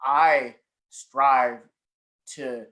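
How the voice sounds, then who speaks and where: A man speaking on a conference panel, taking a question and citing statistics in a measured way, often checking in with "right?". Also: medium pitch, fairly even intonation, a bit bright, poor audio. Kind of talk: panel discussion.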